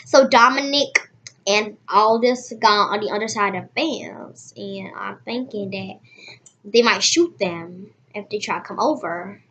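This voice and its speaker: A woman hosting a casual read-aloud, reading haltingly with restarts and dropping into soft asides. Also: mid-range voice, slight background noise. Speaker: host reading a book aloud.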